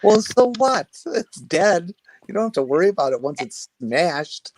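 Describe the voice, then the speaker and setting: A man's voice: high voice, very animated, a little slow, a little mellow, slight background noise. A man making blunt, wry remarks in a casual group chat.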